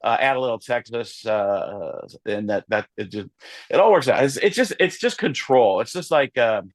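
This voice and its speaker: A man's voice: lowish voice, very animated, moderate pace, dry recording, clean studio sound. A man, a comedian, chatting animatedly as an interview guest and slipping in and out of voices. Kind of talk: lively interview chat.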